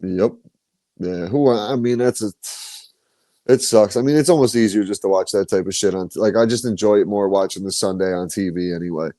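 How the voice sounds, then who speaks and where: This podcast host, a man from New, keeps the casual studio interview loose, slangy and full of enthusiasm. His voice runs on the low side, fairly quick and mellow, with no echo.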